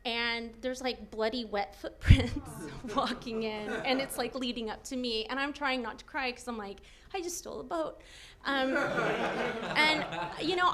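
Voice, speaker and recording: A young woman telling a comic personal story, animated and laughing often as she acts out what people said. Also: sits high, slight background noise.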